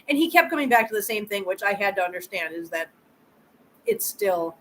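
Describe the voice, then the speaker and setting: A woman hosts a casual live chat and answers her viewers' comments one after another. Her voice sits at a middling pitch, and she often doubles her words as she talks. A faint hiss of room noise stays under her voice. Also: expressive, fairly quick, fairly bright tone, low-quality recording. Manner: chatty, repeats words, answers comments directly. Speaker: channel host.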